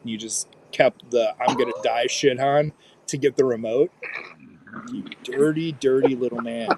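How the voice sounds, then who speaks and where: Against a noisy background, a thirty-something podcast co-host tells a story during casual chat, animatedly acting out people's quotes. His voice is mid-range, and he speaks at a measured pace.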